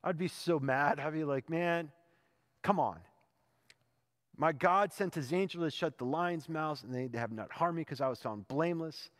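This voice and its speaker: A man's voice: on the high side, normal speed, few pauses. A male pastor preaching a sermon in a church, telling the story in a conversational way and building to emphatic peaks. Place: church sanctuary. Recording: long reverb in a church hall.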